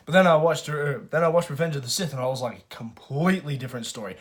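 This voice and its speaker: A man's voice: a little high, fast talker. Rambling man reviewing a film. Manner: rambling, many restarts and fillers; frank, swears casually. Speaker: movie reviewer. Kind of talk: casual spoken film review.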